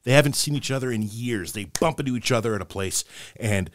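A middle-aged man co-hosting a casual podcast, telling dad jokes in a playful, animated way. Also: mid-range voice, fairly quick, slight background noise. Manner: jokey, animated storyteller, acts out voices in jokes.

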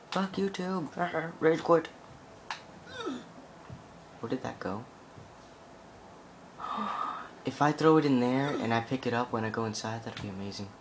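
A man's voice: lowish voice, background noise. A young man giving casual, rambling gameplay commentary full of "like" fillers and swearing as he plays. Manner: rambling, profane, heavy on "like" fillers.

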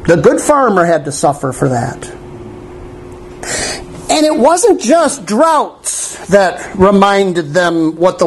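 A male pastor preaching a sermon in a church, animated, with wry asides to the congregation. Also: sits high, a little hiss or hum, poor audio.

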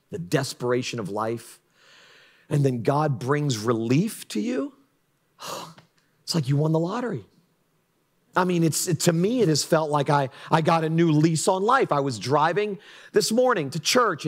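A middle-aged male pastor preaches in a church with a fairly high voice. He surges into pleading, near-shouted cries, then drops into quiet, intimate reflection. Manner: impassioned, pleading bursts then hushed reflective lows. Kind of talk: sermon. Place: church sanctuary.

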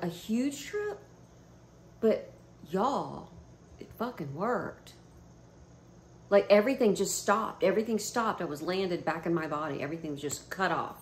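A woman's voice: mid-range voice, a little hiss or hum. Woman vlogger telling a story in a roomy space. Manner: animated, swearing, laughing often. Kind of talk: casual storytelling to camera. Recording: roomy echo.

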